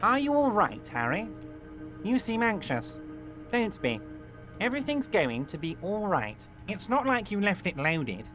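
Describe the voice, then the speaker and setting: A man's voice: high-pitched, big pitch swings, measured pace, music in the background. A man voicing a fawning middle-aged union boss who talks in an oily, overly reassuring, theatrical way. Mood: smarmy. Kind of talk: fan voice acting of a game.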